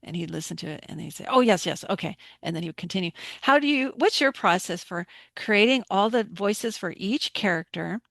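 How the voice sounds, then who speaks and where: A woman's voice: medium pitch, animated, brisk, vocal fry, hardly any pauses, fairly bright tone, no room sound, clean studio sound. A woman podcast host and indie author asking an interview guest friendly, thoughtful questions.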